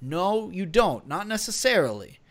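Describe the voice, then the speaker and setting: A man's voice: high-pitched, big pitch swings, moderate pace. A man co-hosting a gaming podcast, giving casual strategy advice in a rambling way with many fillers and restarts. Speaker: podcast co-host.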